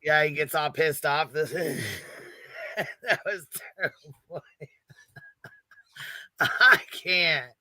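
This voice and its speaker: A man's voice: fairly high pitch, slow, pauses often, pushed and bright, no echo. A man co-hosting a livestream in loose, profane casual chat. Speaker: livestream co-host.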